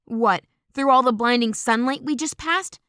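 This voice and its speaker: Woman narrator doing a brash loyal girl friend, kinda high, dry close sound. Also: moderate pace, fairly bright tone, no echo, natural voice. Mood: exasperated.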